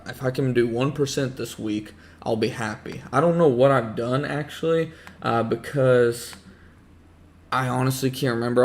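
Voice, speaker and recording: A man hosting a casual livestream, hoarse as he loses his voice, rambling and repeating himself while greeting chat viewers. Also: medium pitch. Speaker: livestream host talking trading.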